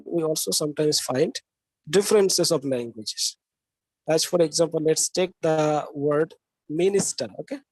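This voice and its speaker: Indian man lecturing, higher voice, checking in with "okay?". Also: a little mellow, no echo, poor audio. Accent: Indian English. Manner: talks with frequent "okay?" checks and questions to students. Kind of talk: classroom lecture.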